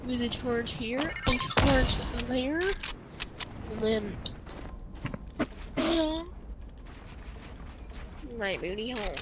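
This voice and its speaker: Woman gamer, high voice, slow drawl, playful trash talk, loud engine and game noise behind. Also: lively intonation. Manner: playful, teasing, sing-song taunts. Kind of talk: casual gameplay trash talk. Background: loud game sounds, engines.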